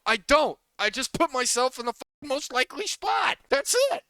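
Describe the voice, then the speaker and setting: A game coach rants at his players in a very high, sing-song voice that is bright and forceful, with no room sound. Exasperated and profane, he repeats himself in rapid bursts during the coaching session.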